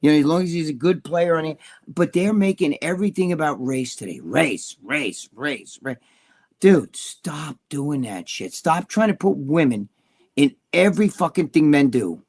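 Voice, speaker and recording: A middle-aged man, ranting loudly and profanely as a podcast co-host. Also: a little high, expressive. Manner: loud, profane, fast-shifting rant.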